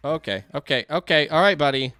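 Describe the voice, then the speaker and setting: A man giving excitable let's-play commentary, yelping and laughing as things go wrong on screen. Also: on the high side, brisk, clear, resonant tone, no echo, faint music behind. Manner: excitable, yelps and laughs at chaos. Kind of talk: game commentary.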